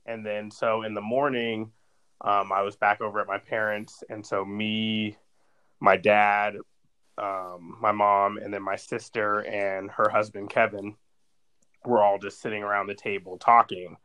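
A man with a somewhat low voice, chatting on a podcast. He rambles through a personal story with constant fillers and "like" in a casual, conversational way. Sounds like a guy in his thirties. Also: level tone, a little slow, pushed and bright, clear, resonant tone, poor audio. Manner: rambling storytelling, heavy use of "like". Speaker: podcast co-host.

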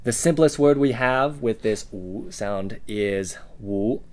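A man co-hosting a casual lesson podcast, giving example words in a relaxed way with plenty of "uh" and "um". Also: mid-range voice, a little slow, clear, resonant tone. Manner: relaxed, with frequent "uh" and "um".

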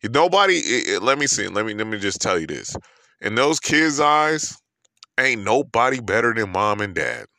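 A man's voice: lowish voice, very animated, normal speed, gravelly, sharp tone. Profane, ranting New York man. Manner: emphatic, swearing constantly, rhetorical questions.

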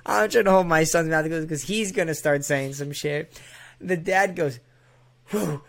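A man, father of a toddler, telling a profane comic story with animated delivery, often laughing as he goes. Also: on the high side, normal speed. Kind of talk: comedic storytelling.

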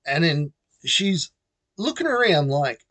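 Brief: Australian man, lively up-and-down storyteller, chuckles often, dry close sound. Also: a little high, slow, no room sound. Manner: animated, laughing between phrases. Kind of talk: comic personal anecdote.

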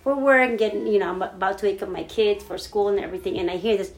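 A woman's voice: medium pitch, fast. A woman co-hosting a casual podcast, telling a story with lots of swearing and acting out her own panic. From lives in Hawaii. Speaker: podcast co-host. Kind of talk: casual chat.

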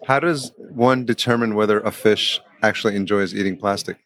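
A man's voice: lowish voice, moderate pace, fairly bright tone. A man who hosts his own podcast, joining a casual chat as a guest with curious questions.

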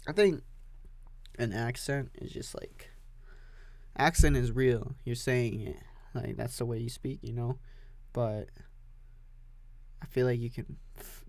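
A man hosting an unscripted solo podcast, rambling crudely and cursing, with loud sudden outbursts. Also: medium pitch, slow, long pauses, dry recording. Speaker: podcast host.

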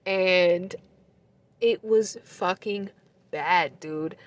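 A woman's voice: on the low side, drawn-out words. A young woman telling a breakup story in a casual, profane way, holding back tears and laughing through them. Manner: emotional, swears a lot, laughs through tears. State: close to tears.

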